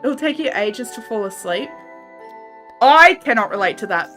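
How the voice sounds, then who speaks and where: A woman's voice: a little high, expressive, moderate pace, fairly bright tone, soft background music. A young Australian woman chatting casually with her viewers while gaming on a livestream, laughing often and reading out chat messages. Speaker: streamer.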